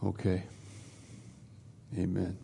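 Guy preaching a sermon, slow and steady, bit of fry in the voice. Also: low voice, big-room sound, a little hiss or hum. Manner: slow, repetitive preaching cadence.

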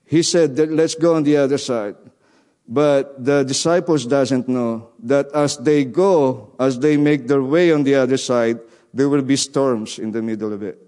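A man's voice: mid-range voice, fairly even intonation, unhurried, warm tone. A man preaching a sermon in earnest, repeating his key phrases, with non-native grammar. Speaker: guest preacher.

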